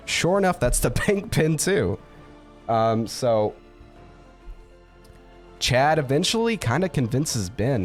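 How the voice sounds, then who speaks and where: A man's voice: medium pitch, very animated, slow, long pauses, faint music behind. A man casually telling a story, chatty with fillers.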